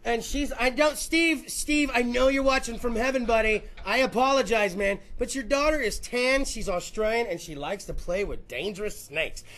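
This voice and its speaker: High, bright-voiced man ranting profanely. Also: normal speed, hardly any pauses. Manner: profane, rambling storytelling with put-on voices. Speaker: podcast host. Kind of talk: crude comedic podcast rant.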